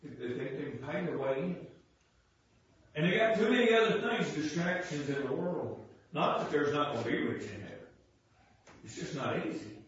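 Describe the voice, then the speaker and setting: Preacher man, folksy and fired up, kinda high voice, super echoey church, mic way off. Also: lively intonation, moderate pace, slight background noise. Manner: folksy, repetitive, building to impassioned shouting. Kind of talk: fervent sermon. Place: church sanctuary. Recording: very echoey church sound from far off, dull.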